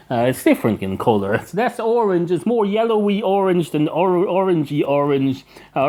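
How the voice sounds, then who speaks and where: A man's voice: mid-range voice, a little mellow. A man, a podcast host, rambling through an improvised comic story with many fillers and digressions. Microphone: podcast microphone.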